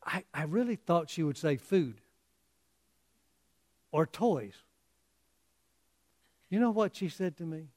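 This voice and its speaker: A man preaching a sermon in an earnest, halting way, often repeating words as he restarts. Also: on the high side, expressive, darkish tone.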